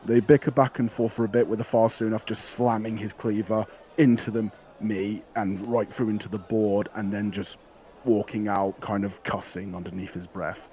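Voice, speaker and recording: A man's voice: on the low side, level tone, normal speed, mellow, slight background noise. A man narrating as game master in a tabletop game, describing scenes at length. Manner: descriptive, with restarts and fillers.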